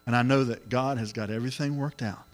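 A middle-aged man preaching a sermon, telling the story in an animated way and acting out the voices. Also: mid-range voice, fast talker, faint music behind. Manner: animated storytelling, acts out voices, exclamations of hallelujah.

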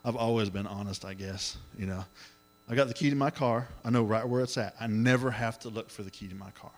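A middle-aged man preaching a sermon, telling the story in an animated way and acting out the voices. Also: on the low side, a little fast. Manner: animated storytelling, acts out voices, exclamations of hallelujah.

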